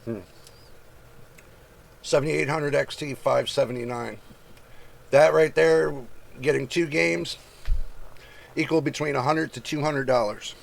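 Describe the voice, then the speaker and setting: A man's voice: a little high, a little slow, vocal fry, long pauses. A man hosting his own channel, chatting casually as he reads prices aloud and makes asides to his viewers. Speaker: channel host. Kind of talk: casual screen-share commentary.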